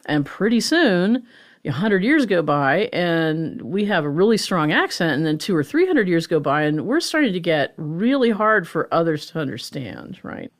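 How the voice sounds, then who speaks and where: Chatty woman in her sixties. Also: fairly low pitch. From Pittsburgh, USA. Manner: animated and chatty, explains with rhetorical "right?" and quick laughs. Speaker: linguistics professor, guest. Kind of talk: conversational lecture in an interview.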